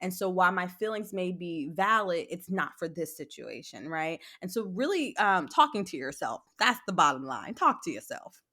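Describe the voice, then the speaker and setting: A woman guest psychologist explaining ideas step by step in a conversational interview, animated when acting out examples. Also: on the low side, normal speed, few pauses. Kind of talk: conversational advice.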